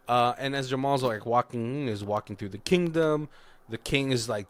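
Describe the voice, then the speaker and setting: A man recaps a movie in a loose, rambling way, laughing between his sentences. His voice sits at an ordinary middle pitch. The recording is dry, close and without room sound. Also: brisk, no echo. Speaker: podcast co-host.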